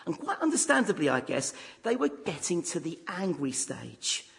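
A man's voice: on the high side, sing-song, normal speed, gravelly, fairly bright tone, big-room sound. A man preaching a sermon, putting rhetorical questions to the congregation.

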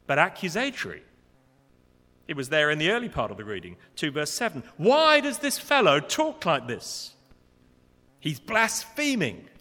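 Lively-voiced male preacher in a reverberant church. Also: a little high. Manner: expressive, rising to indignant emphasis. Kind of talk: sermon.

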